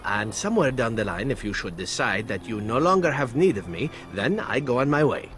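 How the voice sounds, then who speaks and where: An actor playing a charming, flirtatious male elf assassin in a video game, smooth and flattering. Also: medium pitch, fairly quick, close to an everyday voice. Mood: playful.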